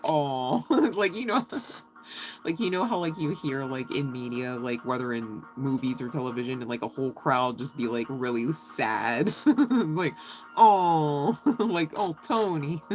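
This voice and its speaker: A woman's voice: very deep voice, low-quality recording. A woman giving a casual, chatty tarot reading, giggling often and swearing freely. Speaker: tarot reader.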